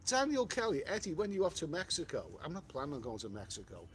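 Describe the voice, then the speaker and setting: A man with a Liverpool accent chats casually on a travel live stream, reading out viewers' comments and answering them. His voice sits a little high, and he rambles, trips over his words and restarts often, filling gaps with "you know". A faint hiss runs under the recording. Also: huge pitch swings, quick pace.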